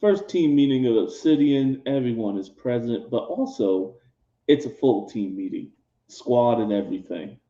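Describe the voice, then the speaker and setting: A man narrating as game master of a tabletop game, in relaxed, lively storytelling. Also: medium pitch, normal speed, roomy sound, highs cut off.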